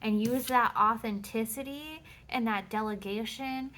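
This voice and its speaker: A woman's voice: a little high, a little slow, fairly bright tone. Blunt, swearing woman tarot reader. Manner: blunt, swears freely, emphatic and motivational; reads card texts aloud. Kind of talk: casual tarot reading monologue.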